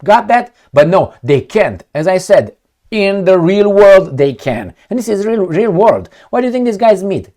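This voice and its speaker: Lively emphatic male commentator. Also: sits high, normal speed. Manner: emphatic, sarcastic, rhetorical questions. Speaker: political commentary host. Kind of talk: opinionated solo commentary.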